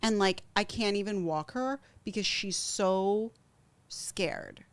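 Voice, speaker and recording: A woman co-hosting a comedy chat show at a medium pitch. She speaks in a calm, even-keeled way with dry humor. The recording is close and dry, with no room sound. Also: slow, clean tone, no echo. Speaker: podcast co-host.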